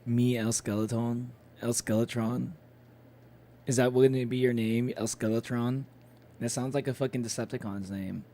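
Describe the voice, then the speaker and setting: A man's voice: mid-range voice, steady tone, normal speed, mellow. A young man chatting casually with his live-stream chat, loose and swearing, with plenty of fillers.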